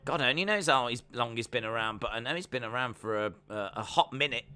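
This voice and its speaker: A man's voice: mid-range voice, expressive, fast talker, pushed and bright, clean tone. A man hosting a wrestling watch-along stream, chatting and musing aloud as he reacts. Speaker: stream host.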